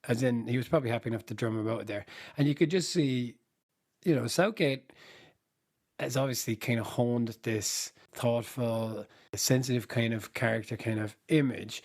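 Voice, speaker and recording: A man's voice: medium pitch, normal speed, husky. Man laughing through football anecdotes. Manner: laughing storyteller, retells anecdotes. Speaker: podcast co-host. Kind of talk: casual chat.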